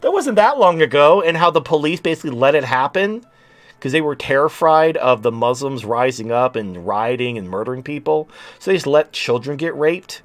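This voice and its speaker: A podcast host in his late thirties delivers a casual talk-show rant that is blunt, sarcastic and profane. His voice is medium-pitched and animated, at a moderate pace.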